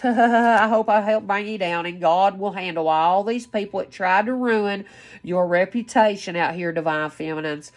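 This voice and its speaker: A woman giving an excitable, rambling channeled spiritual reading, full of gasps, exclamations and casual swearing. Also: mid-range voice, normal speed. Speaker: spiritual card reader. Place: her home, lives in West Virginia.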